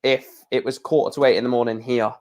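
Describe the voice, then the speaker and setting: A man's voice: medium pitch, fairly even intonation, brisk, darkish tone. A young man hosting a casual live stream, chatting in a rambling way and often correcting himself.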